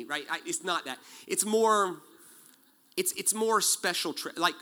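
A man in his forties preaching a sermon, animated and joking, acting out quotes as he tells stories. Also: fairly high pitch, normal speed. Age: 40s. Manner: animated storytelling with jokes and acted-out quotes. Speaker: pastor.

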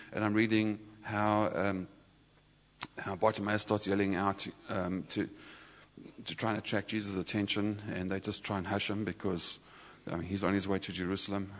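A man gives a personal sermon testimony in a conversational, halting way, often starting over mid-sentence. His voice is slightly low and husky. It rings with the long reverb of a church hall. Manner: conversational, halting with many restarts. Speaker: church speaker.

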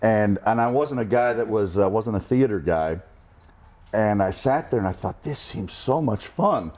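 A man's voice: lowish voice, moderate pace, darkish tone. A middle-aged man from New Jersey, a guest telling wry, self-deprecating stories in a casual interview.

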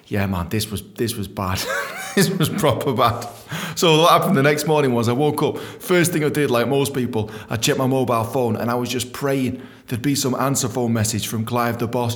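Animated man telling a story. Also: medium pitch, moderate pace. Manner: animated, swearing, acts out other people's voices. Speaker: podcast host. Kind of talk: casual storytelling.

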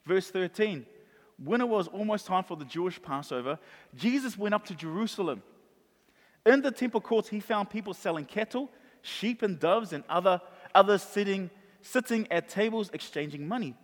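A male pastor preaching a sermon, animated, acting out the voices of Bible figures. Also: sits high, moderate pace. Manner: animated, acts out voices of crowd and Jesus. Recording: long reverb of a large hall.

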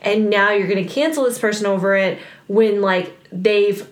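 A young woman co-hosting a casual chat, talking fast and loose with lots of fillers and laughter. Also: medium pitch. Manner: chatty, laughing, frequent "like" fillers. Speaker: co-host. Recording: roomy echo.

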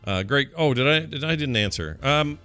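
A man's voice: medium pitch, expressive, normal speed, sharp tone, smooth, soft background music. A man co-hosting a podcast in casual chat, reading out listener questions. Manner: chatty, reads listener questions. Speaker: podcast co-host.

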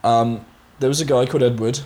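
A young man with a light Somerset accent talks in a mid-pitched voice. He chats easily as a guest, telling stories in a relaxed, good-humoured way. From Somerset, England. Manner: chatty, storytelling, quick to laugh. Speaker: guest musician. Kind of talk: casual podcast chat.

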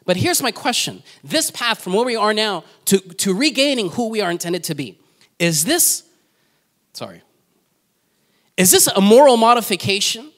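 This high-pitched, very animated male voice moves at normal speed with a slightly bright tone. He delivers a conversational sermon, posing questions to the congregation and poking fun at himself through personal anecdotes.

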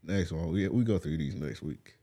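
A man co-hosting a podcast in casual chat, telling stories with big jumps in pitch when he quotes people. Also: normal speed, slightly rough. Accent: American English. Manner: animated storytelling with loud jumps in pitch when quoting people. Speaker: podcast co-host.

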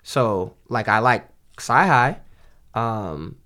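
A man in a casual chat about hip-hop, talking in a rambling, halting way with many restarts and fillers. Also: fairly low pitch, expressive, bright, forceful tone.

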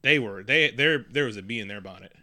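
A man's voice: mid-range voice, expressive, fairly quick, bright, forceful tone. A man co-hosting a casual comedic podcast chat, rambling and profane, riffing with mocking impressions. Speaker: podcast co-host.

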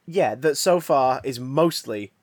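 A man co-hosting a podcast, chatting casually with jokes, quick asides and bursts of laughter. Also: mid-range voice, animated, dry recording. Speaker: podcast co-host. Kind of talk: casual chat.

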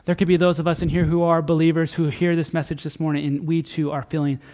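A middle-aged man preaching a sermon in church, earnest, rising to emphatic peaks and then dropping soft and low. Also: flat delivery, quick pace. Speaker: pastor.

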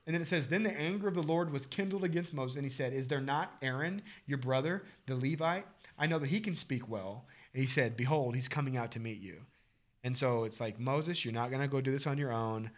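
A man's voice: mid-range voice, sharp tone. A man co-hosting a casual Bible discussion, acting out quoted dialogue with animation. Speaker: podcast co-host.

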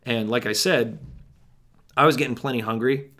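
A man's voice: medium pitch, moderate pace, fairly bright tone, close to an everyday voice. Man as a jittery paranoid hiker. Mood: rambling. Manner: rambling, wry asides to listener. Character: jittery paranoid young man lost on trail. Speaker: first-person narrator. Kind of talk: monologue storytelling.

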